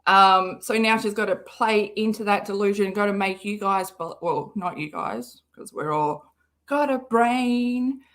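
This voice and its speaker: Young woman, live stream host, unhurried and chatty, swears freely. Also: medium pitch, fairly bright tone. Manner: swears often, chatty, greets viewers by name. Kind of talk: casual live stream chat. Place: car.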